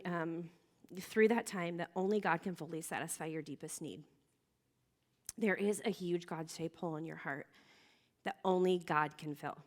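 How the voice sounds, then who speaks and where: A woman in her thirties speaking to teenage girls at a youth gathering, sharing her own story in an earnest, chatty way, full of fillers and restarts and close to tears at times. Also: on the low side. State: emotional. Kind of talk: personal testimony talk.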